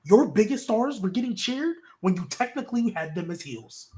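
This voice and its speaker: A man's voice: high voice, big pitch swings, moderate pace, dark tone. A man hosting a casual wrestling podcast, talking in an opinionated, rambling way with frequent restarts. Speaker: podcast host.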